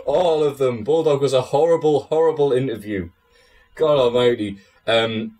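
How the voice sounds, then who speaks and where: A man's voice: mid-range voice, normal speed, darkish tone. A man who is a podcast guest, chatting casually in a sardonic way, swearing and laughing often. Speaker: interview guest.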